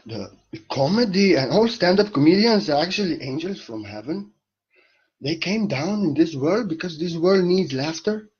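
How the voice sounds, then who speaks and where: A man's voice: mid-range voice, darkish tone, slightly rough, muffled recording. A man giving a spiritual monologue in a playful, irreverent way, swearing casually.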